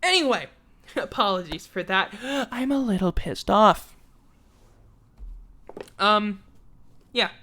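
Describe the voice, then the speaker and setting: A woman's voice: mid-range voice, lively intonation, slow, long pauses, sharp tone. A woman hosting a casual livestream sports show, ranting in an exasperated, profane way. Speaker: sports talk show host.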